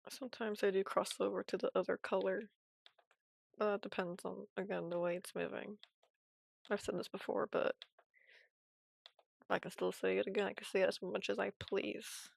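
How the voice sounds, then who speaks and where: A woman streaming animation from home, giving casual commentary while she draws, in a soft, quiet, half-whispered way. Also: mid-range voice, level tone, moderate pace, creaky, pauses often.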